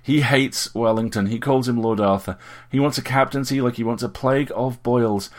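A man voicing a bitter young army captain who bursts out, his voice rising shrill. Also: fairly even intonation, normal speed, close to an everyday voice. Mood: bitter rant. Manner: rattling, bursting into shrill shouts.

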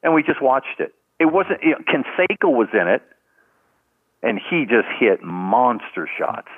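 A man's voice: medium pitch, big pitch swings, unhurried, breathy edge, no room sound. An older man, a retired sports trainer and guest on an interview show, tells rambling anecdotes full of "you know" and restarts. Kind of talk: casual storytelling in a podcast interview. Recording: tinny phone-like line, dry.

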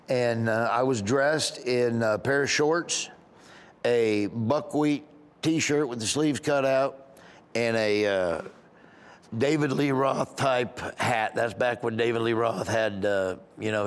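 Middle-aged man, Southern drawl, comedian guest spinning rambling stories, mid-pitched voice. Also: slow pace, smooth. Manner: rambling, animated, acts out other voices. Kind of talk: casual interview storytelling.

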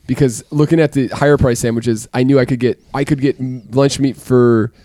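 A man co-hosting a casual podcast chat, telling stories in an animated, exasperated way. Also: mid-range voice, brisk, no room sound, studio quality. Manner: animated storyteller, exasperated rants. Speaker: podcast co-host.

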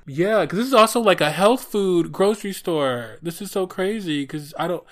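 A man co-hosting a podcast in casual chat, animated and profane, with sassy asides and restarts. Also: high-pitched, normal speed. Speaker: podcast co-host.

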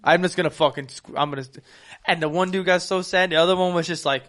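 A young man co-hosting a casual podcast, telling a profane story with loud bursts of laughter. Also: a little high, steady tone, quick pace, heavy background noise. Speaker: podcast co-host.

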